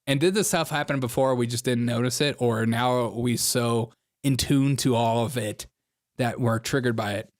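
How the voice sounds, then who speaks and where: A man's voice: mid-range voice, no echo, studio quality. A man hosting a casual political reaction show, sarcastic and often laughing between remarks. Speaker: host of a political commentary show.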